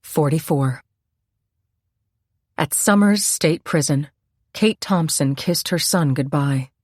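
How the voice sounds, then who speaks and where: A woman narrating a suspense novel in a measured, steady storytelling voice on a close microphone. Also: deep voice, no room sound. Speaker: audiobook narrator. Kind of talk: scripted narration.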